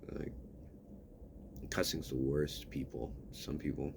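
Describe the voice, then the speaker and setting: A man's voice: a bass voice, lively intonation, normal speed, creaky, noisy background. A man talking in a casual vlog, rambling and ranting with a lot of swearing. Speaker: vlogger.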